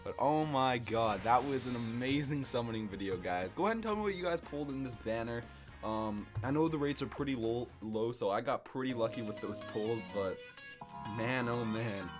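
A young man narrating his mobile game pulls at a middle pitch, talking casually one moment and yelling with excitement the next. Faint game music plays under his voice. He sounds a little out of breath. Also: moderate pace. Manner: hyped, screams when he pulls rare cards. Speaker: gaming YouTuber. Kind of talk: excited gacha summon commentary.

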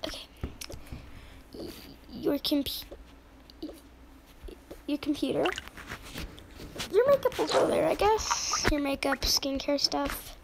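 A woman's voice: high voice, expressive, slow pace, gravelly, pauses often, noisy background, heavily acted. A woman voicing a fussy, newly divorced mother in a toy role-play, chatty and sighing.

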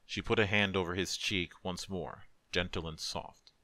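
A man narrates a dark story in a solemn, measured, emotive voice. His voice is very deep but bright and forceful. The recording is close and dry, with no room sound. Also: steady tone, no room sound. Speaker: narrator, streamer. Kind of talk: dramatic story reading.

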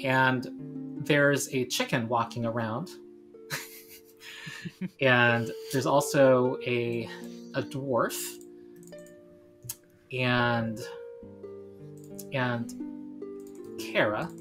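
A woman's voice: very deep voice, steady tone, drawn-out words, long pauses, music in the background. A woman narrating as game master of a tabletop game, hesitant with many fillers.

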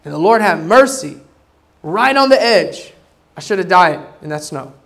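A man preaching a sermon as pastor, casual with slang, acting out the voices he quotes and swinging from loud bursts to low asides. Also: expressive, normal speed, creaky.

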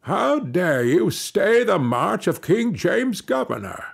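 A man voicing a haughty royal governor from a storybook, loud and harsh. His voice rises high in anger, with a husky edge. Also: sing-song, slow, exaggerated voice.

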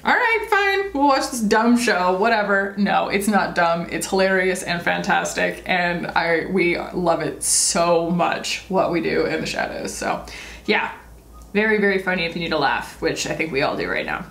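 A woman's voice: on the low side, moderate pace, creaky, a bit bright. A woman in her thirties chatting casually about her monthly favorites as a beauty vlogger, rambling and self-deprecating. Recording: roomy echo.

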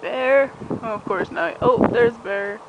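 Speaking slowly in a voice on the high side, a young vlogger rambles and giggles through a casual chat on a backyard trampoline. Noisy camcorder audio captures the outdoor ambience and a dog barking close by.

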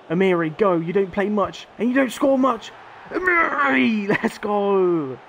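A young man doing live commentary on a football video game, urging on his players and shouting when they score or miss. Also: fairly high pitch. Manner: excitable, shouts at players, swears. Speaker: gaming streamer.

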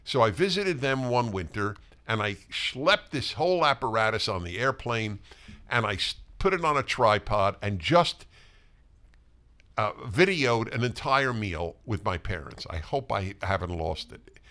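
An older man co-hosts a casual talk show, his voice lively and swinging widely in pitch. He tells stories with a bright, forceful edge, often restarting and repeating his words as he goes. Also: measured pace. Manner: animated storyteller, frequent restarts and repetitions. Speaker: co-host.

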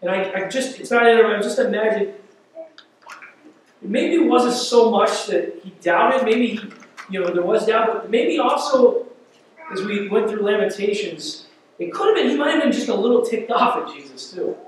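Animated high-voiced pastor in an echoey church. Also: male voice, moderate pace, slight background noise. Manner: animated, acts out quotes, conversational asides. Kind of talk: sermon. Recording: echoey church hall from far off.

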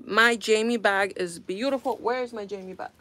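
A young woman hosting a casual live stream, talking to her viewers in an exasperated, animated way. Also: medium pitch, moderate pace.

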